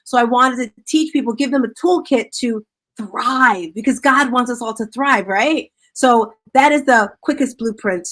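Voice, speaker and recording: A woman author talking about her book in an interview, telling stories in an animated, upbeat way. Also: on the high side, measured pace. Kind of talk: casual interview talk.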